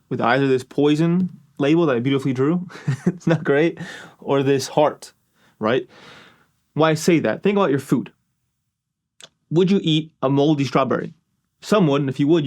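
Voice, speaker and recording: A man's voice: a little high, darkish tone. A man giving a casual motivational lecture as a self-help speaker, joking and swearing bluntly as he talks.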